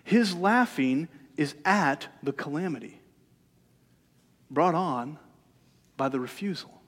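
A man's voice: on the high side, expressive, slow pace, a bit bright. A male pastor giving a sermon, speaking conversationally and posing rhetorical questions to his listeners. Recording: long hall reverb.

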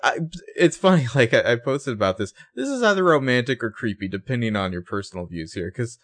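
A man co-hosting a podcast, retelling scenes with wry, animated asides in casual chat. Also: mid-range voice, brisk. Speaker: podcast co-host.

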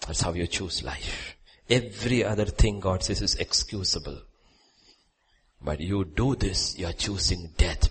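A male preacher delivering a sermon, moving from quiet asides to loud, soaring exhortation and repeating short commands for emphasis. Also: low voice, moderate pace, a little hiss or hum.

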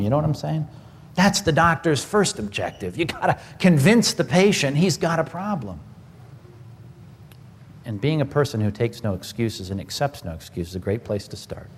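A male pastor preaching an emphatic sermon, swinging between loud stress and hushed, quiet lines. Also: mid-range voice. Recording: broadcast sermon with long hall reverb.

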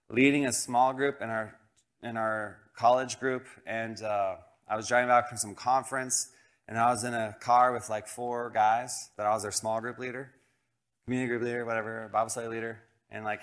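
A man who grew up in Colorado, a pastor preaching a sermon through a lively, self-deprecating personal story, acting out the voices of the people in it. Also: medium pitch. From Colorado, United States. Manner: animated, self-deprecating, acts out quoted voices.

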